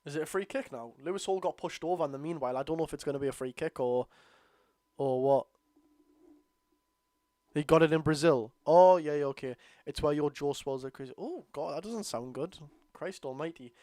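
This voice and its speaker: Geordie man, watchalong host; tired, excitable shouts at the ref, dry close sound. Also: brisk, dry recording. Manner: excitable outbursts at the referee, then low grumbling asides. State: tired, yawning. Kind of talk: live football watchalong commentary, reading chat.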